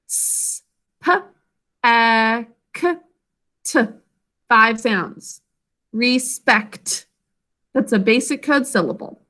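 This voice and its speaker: A woman teaching a class over a video call, encouraging and sounding out words slowly. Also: on the high side, a bit bright.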